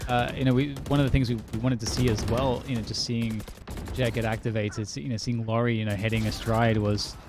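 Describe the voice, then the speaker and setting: Brisk male play-by-play esports caster. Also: medium pitch, little pitch movement, noisy background. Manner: brisk, light-hearted, self-deprecating. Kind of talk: play-by-play commentary. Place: lives in California, casting remotely from London.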